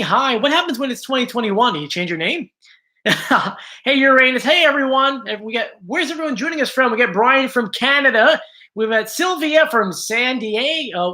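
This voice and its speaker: A man's voice: very high-pitched, sharp tone. A man hosting a casual live stream from home, chatting and greeting viewers by name, his voice a little strained. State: slightly strained voice.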